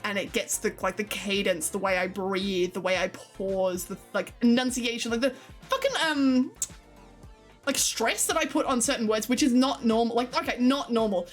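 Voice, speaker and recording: A young woman streamer chats casually with her live audience, delivering everything in an exaggerated, expressive way while swearing freely and laughing a lot. Her voice is a little high, her pace moderate, with faint music behind her.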